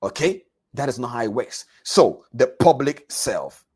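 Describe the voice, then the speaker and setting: A man's voice: mid-range voice, sing-song, a little slow, darkish tone, breathy edge. A man coaching traders in a live online masterclass, talking straight to his listeners, repeating words and phrases for emphasis and asking them questions as he goes. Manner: addresses listeners directly with questions. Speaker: trading coach.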